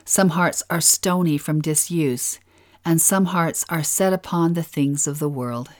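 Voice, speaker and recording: Low-voiced woman reading a devotional talk. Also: unhurried. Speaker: religious speaker.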